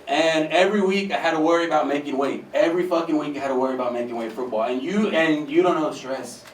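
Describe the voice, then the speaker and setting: A man's voice: on the high side, fast talker, slight background noise. A man in his twenties doing open-mic stand-up in a small theater, talking in a loose, profane, conversational way and saying "dude" often. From United States. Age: 20s. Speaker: stand-up comedian. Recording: roomy, distant mic with faint ambience.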